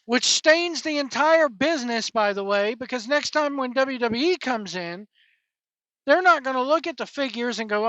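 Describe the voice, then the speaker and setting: A man's voice: extremely high pitch, expressive, normal speed, bright, forceful tone, no echo, highs cut off. A man hosting a wrestling podcast, giving a rambling, opinionated commentary monologue that repeats itself.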